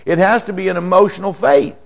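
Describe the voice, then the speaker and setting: Older guy preaching, chatty, keeps asking the folks questions, a bit high-pitched. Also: fairly even intonation, a little fast, gravelly. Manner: folksy, asks the congregation questions. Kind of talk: conversational sermon.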